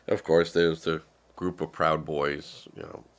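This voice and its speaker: Low, gravelly older man rambling. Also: flat delivery, slow. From United States. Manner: rambling, sarcastic, many fillers. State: unwell. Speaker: live stream commentator. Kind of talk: casual political commentary.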